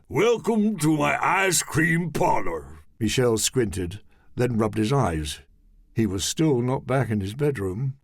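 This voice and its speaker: A man narrating a children's audiobook in a lively, expressive reading. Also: medium pitch, no echo, clean studio sound. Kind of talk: scripted storybook narration.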